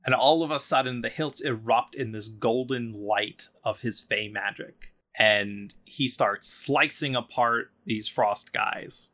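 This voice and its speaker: A man's voice: medium pitch, takes it slowly, hardly any pauses, bright, forceful tone. A man co-hosting a podcast, casually retelling a story with lots of ums and likes. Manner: chatty, full of ums and likes, voices quotes loosely.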